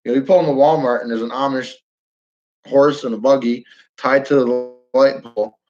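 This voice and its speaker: A man's voice: mid-range voice, fairly even intonation, moderate pace, darkish tone. Chatty guy from upstate new york telling viewers a story, muffled lo-fi audio. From Northern New York. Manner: chatty, chuckling, addresses viewers directly. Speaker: live stream host. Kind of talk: casual rambling storytelling. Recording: dull lo-fi audio.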